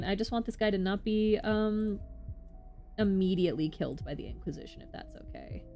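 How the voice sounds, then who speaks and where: An excitable woman streamer talks through her gameplay in a casual mid-pitched voice, swearing freely and bursting into loud reactions. Faint music plays quietly behind her. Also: fairly quick. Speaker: vtuber streamer.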